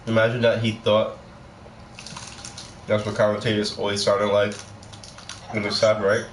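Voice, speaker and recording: A man's voice: on the low side, monotone, normal speed, slight background noise. Laid-back, joking man in an echoey room. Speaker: friend commenting on wrestling clips. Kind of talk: casual drunk banter.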